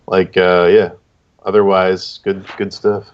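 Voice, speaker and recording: A man's voice: sits low, level tone, takes it slowly. A man acting as guest judge, giving casual, rambling critique of comic entries on a livestream over a video call. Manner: rambling, filler-heavy feedback. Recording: dull lo-fi stream audio.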